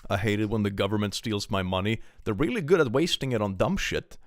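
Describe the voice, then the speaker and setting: A man's voice: lowish voice, fairly quick, dry recording. Swedish man streamer, dry close sound. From Sweden. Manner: animated and jokey, swears freely, swings between mock-gloomy and excited. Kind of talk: casual livestream chat, reading viewer messages.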